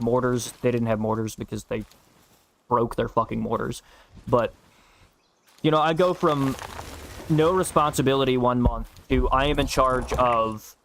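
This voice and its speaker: A man's voice: medium pitch, a little hiss or hum. A man streaming a game and chatting casually, telling stories in a blunt, profane way. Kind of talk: casual chat while gaming.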